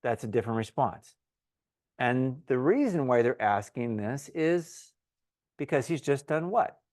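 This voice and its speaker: A man's voice: mid-range voice, expressive, measured pace, a little mellow, dry recording. A man leading a Bible study in an easy, talky style. He slips into the voices of the people he quotes. The recording is dry and close, with little room sound. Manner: informal, acts out crowd voices in quotes. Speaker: Bible teacher. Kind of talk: conversational Bible study teaching.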